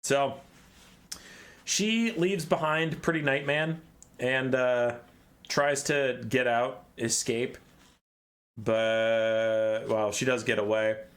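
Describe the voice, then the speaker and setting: A man's voice: mid-range voice, steady tone, slow pace, pauses often, fairly bright tone. A man casually retelling a game story in a rambling, profane way, often correcting himself.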